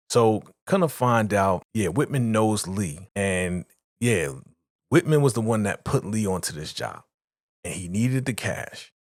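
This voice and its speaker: A man with a lowish voice retells an episode in a casual recap, jumping into quick acted-out lines for each character. The recording is dry and close, with no room sound. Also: sing-song, no echo. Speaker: show recap host.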